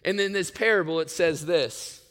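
A man preaching a sermon in a casual, excitable way, often filling his speech with "like". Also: fairly high pitch, moderate pace. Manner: casual and excitable, many "like" fillers. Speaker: pastor. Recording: long reverb in a large hall.

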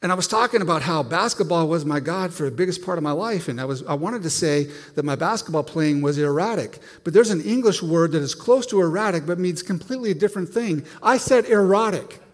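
Rich: A man with a fairly high voice preaches a sermon. He tells self-deprecating stories and often restarts his sentences. His voice carries a long reverb, as if he is speaking in a large church. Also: expressive, fast talker, hardly any pauses.

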